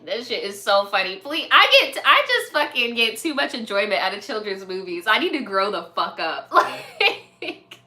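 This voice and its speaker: A woman's voice: fairly high pitch, pushed and bright. A young woman hosting a live stream, reading viewer stories in a chatty, slangy way, laughing and swearing often. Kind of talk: casual chat.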